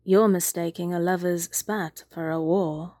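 A woman's voice: on the low side, steady tone, unhurried, dark tone, no room sound, clean studio sound. Woman reading as a scornful, menacing brother. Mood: vicious. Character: cold possessive male immortal, brother.

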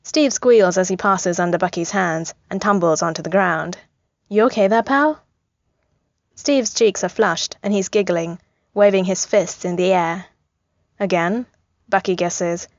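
A woman reading a story aloud as narrator, in an even, gently amused tone. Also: on the low side, a little slow, gravelly, dry recording. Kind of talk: reading fan fiction aloud. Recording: slightly muffled, dry.

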